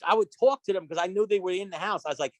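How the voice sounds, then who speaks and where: A man as a podcast guest, telling stories in an excitable, rambling way, full of restarts and acted-out quotes. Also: high-pitched, rapid-fire, dry recording. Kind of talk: casual storytelling chat. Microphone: podcast microphone.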